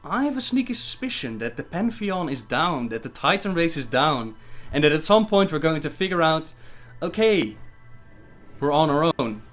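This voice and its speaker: A man hosts a casual livestream Q&A with a slightly higher than usual voice. He reads each viewer question aloud and then answers it conversationally. Soft background music plays faintly beneath his speech. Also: big pitch swings, normal speed. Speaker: gaming lore livestreamer.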